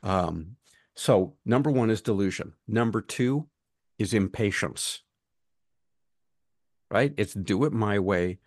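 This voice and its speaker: A man's voice: fairly low pitch, slow, long pauses, darkish tone, no echo, studio quality. A man co-hosting a casual podcast chat, telling frank stories and acting out other people's lines, with swearing. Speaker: podcast co-host, lawyer.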